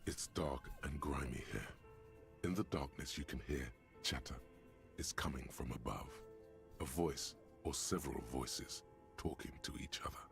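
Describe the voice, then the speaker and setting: A gravelly, brooding inner narrator. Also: male voice, a bass voice, normal speed, faint music behind. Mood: ominous. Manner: dramatic, ominous narration. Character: brooding male narrator voice of a detective's mind. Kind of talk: game narration.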